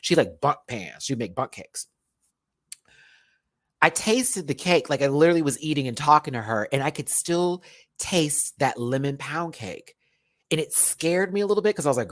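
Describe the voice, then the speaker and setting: A young YouTuber hosts his own livestream in a highish voice with lively intonation at normal speed. Emotional and close to tears, he rambles heartfeltly to viewers, often repeating and restarting words. There's no room sound.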